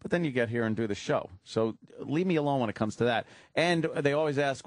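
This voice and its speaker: A male radio host talking loosely and profanely, cutting himself down with dry jokes. His voice sits at an ordinary middle pitch. The studio sound is close and dry, with no room around it. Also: a little fast, no room sound. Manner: profane, rambling, self-mocking. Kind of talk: casual radio chat.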